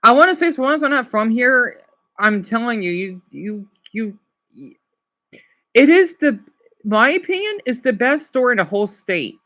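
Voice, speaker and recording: High bright-voiced man chatting on stream. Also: sing-song, a little slow. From Arizona, US. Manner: rambling, emotional, apologetic. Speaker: livestream host. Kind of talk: casual livestream chat with viewers.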